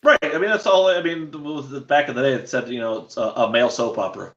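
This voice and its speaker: A man's voice: medium pitch, fast, a bit bright, roomy sound, dull audio. A man, a podcast guest, rambling through casual stories with many fillers and restarts. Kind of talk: casual storytelling chat.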